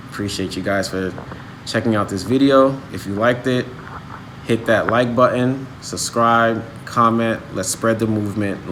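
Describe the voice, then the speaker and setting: A man's voice: on the low side, fairly bright tone, a little hiss or hum. Earnest young man, casual vlog talk. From Nigeria. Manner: earnest, persuasive, rising in intensity when making a point. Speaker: language-learning channel host.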